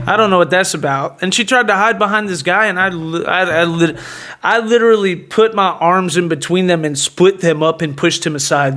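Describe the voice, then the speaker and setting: A man's voice: sits high, moderate pace, music in the background. A young man hosting his own show, telling a boastful story in a brash, mocking way, laughing at his own jokes and filling his talk with "like" and "you know what I mean.". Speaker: podcast host.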